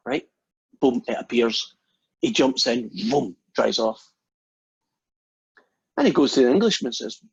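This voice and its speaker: A man's voice: medium pitch, fairly quick, vocal fry, husky. A man giving a university maths lecture, chatty and quizzing the class with questions. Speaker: math lecturer. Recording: dull lo-fi recording.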